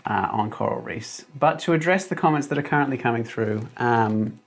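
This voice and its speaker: Chatty man with a gravelly English accent. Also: mid-range voice, normal speed. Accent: English accent from British parents, living in Australia. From Australia. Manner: rambling and chatty, with many fillers and restarts. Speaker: livestream host and mapmaker. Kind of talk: casual livestream chat. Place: a small home room. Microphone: desk mic, no headphones.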